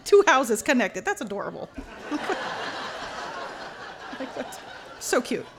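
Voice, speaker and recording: A woman from Los Angeles telling a personal story as a lively, dramatic monologue, mixing in Spanish slang. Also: fairly high pitch, slow, noisy background. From Los Angeles, USA.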